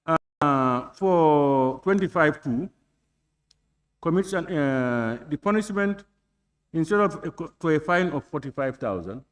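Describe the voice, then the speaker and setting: A man chairing a parliamentary committee, reading clauses deliberately and putting questions to the vote. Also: a little high, expressive. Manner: deliberate, reads clauses slowly and puts questions. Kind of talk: formal procedural chairing. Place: legislative chamber.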